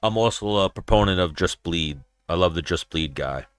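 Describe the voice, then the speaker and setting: Hosting a laid-back livestream, a young man speaks in a smooth, low-sitting voice at a moderate pace, recorded without echo. His talk is rambling and profane, full of stories, and he drops into impressions along the way.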